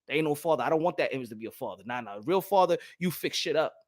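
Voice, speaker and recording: A young man hosting a boxing talk show and ranting loudly, repeating himself, with sudden swings from shouting to low muttering. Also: expressive, very fast. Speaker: boxing commentary host. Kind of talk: animated opinion rant.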